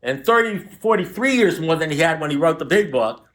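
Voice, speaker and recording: A man's voice: on the high side, animated, brisk, fairly bright tone. A man in his seventies speaking to a recovery group, blunt and profane, mixing warnings with jokes. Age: 70s. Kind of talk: recovery meeting talk. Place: recovery meeting room with a group.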